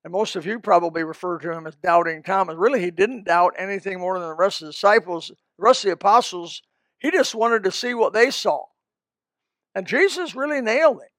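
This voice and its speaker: Folksy preacher guy, high voice, rambles with asides, dry close sound. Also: fairly quick, a bit bright, no echo. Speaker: pastor. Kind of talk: sermon.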